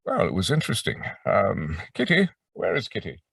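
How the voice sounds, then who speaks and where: A man's voice: on the low side, wildly swooping pitch, normal speed, creaky, dry recording, clean studio sound, far from the mic. A middle-aged man telling stories as an interview guest, rambling and breaking off mid-sentence, acting out what people said. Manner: rambling, self-interrupting, acts out quotes. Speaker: voice actor guest. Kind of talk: casual interview storytelling.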